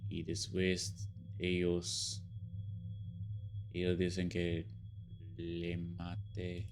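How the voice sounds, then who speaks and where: A man voicing a weary young male engineer held as a suspect, in a put-on Mexican accent with slow, Spanish-laced lines. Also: low voice, monotone, background noise, exaggerated voice.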